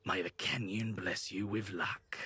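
An actor playing a serene, peace-loving male villager in a game, speaking in a hushed half-whisper. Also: low-pitched, fairly even intonation, measured pace, slight background noise. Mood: calm. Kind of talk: video game voice acting.

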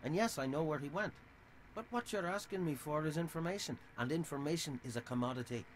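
An actor with an Irish accent playing a sly, theatrical middle-aged saloon owner in a video game. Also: male voice, fairly high pitch, quick pace, slight background noise, lightly acted. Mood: smug. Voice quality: theatrical, smug and oily.

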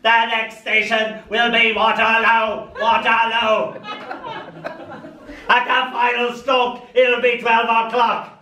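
A man's voice: extremely high pitch, little pitch movement, slow pace, sharp tone, voice pushed up, full character voice. A man voicing a glum out-of-work Dalek, clipped and staccato, reading a poem aloud at a live event. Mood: flat declaiming. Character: glum out-of-work Dalek, metallic monotone alien. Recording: roomy hall, distant mic, faint room noise.

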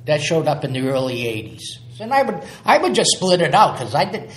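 An older man from Somerville, spinning neighborhood stories in a rambling, repetitive way. His voice sits a bit high for a man and rings in an echoey room. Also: very animated, brisk, fairly bright tone. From Somerville, Massachusetts. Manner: rambling, repeats words, acts out quotes. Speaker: guest. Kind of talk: casual storytelling interview.

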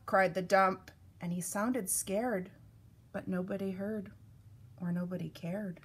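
A woman reading a children's picture book aloud, in an expressive, animated way. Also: medium pitch, a little slow, slightly rough. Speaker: storyteller.

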